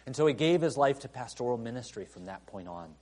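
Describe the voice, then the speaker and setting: Man, pastor, sermon, conversational, filler-heavy, emphatic peaks, soft drops. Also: medium pitch, lively intonation, fast talker. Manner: conversational, many "you know" fillers, rising to emphatic outbursts then dropping quiet.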